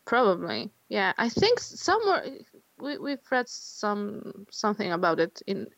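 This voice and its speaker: A woman's voice: medium pitch, big pitch swings, a little slow, a bit bright, no room sound, muffled recording. A woman co-hosting a podcast in casual chat, hesitant, often restarting and searching for words. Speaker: podcast co-host.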